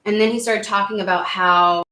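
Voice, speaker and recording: Chatty woman with a bright, echoey voice. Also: medium pitch, fairly even intonation, moderate pace. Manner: rambling, chatty, many fillers and restarts. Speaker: tarot reader and channel host. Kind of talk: casual chat to camera.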